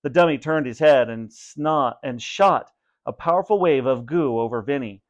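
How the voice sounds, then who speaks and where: A man in the role of a teacher, giving students instructions and then reading a spooky storybook aloud in a plain, steady way. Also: medium pitch, normal speed, lo-fi sound. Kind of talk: read-aloud storybook narration.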